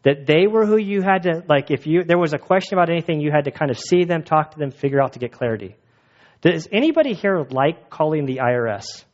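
A man's voice: on the high side, expressive, quick pace, darkish tone. A male pastor preaching a sermon in a casual, joking, conversational way. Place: church. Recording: dull lo-fi sound.

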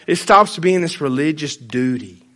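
A pastor preaching a sermon in church, blunt and folksy with joking asides. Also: male voice, on the high side, lively intonation, normal speed, fairly bright tone.

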